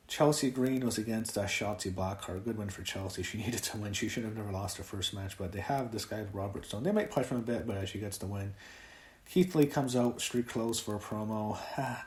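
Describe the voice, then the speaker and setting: A man's voice: on the low side, a little mellow, roomy sound. A man giving a casual, rambling solo review of a wrestling show, with lots of fillers and swearing when he gets worked up.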